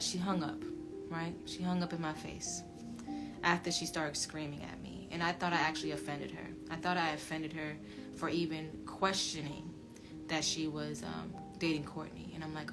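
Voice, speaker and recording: A woman with a lowish voice tells a personal story, swinging from low muttering to loud, emphatic outbursts. Her delivery is emotional and casual. Music plays clearly under her voice. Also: level tone, normal speed.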